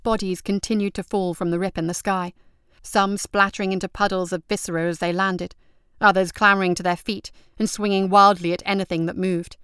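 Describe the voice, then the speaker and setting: A woman's voice: medium pitch, flat delivery, fairly quick, a bit bright, smooth, no room sound, studio quality. A woman reading out an action story as narrator, telling it steadily and vividly.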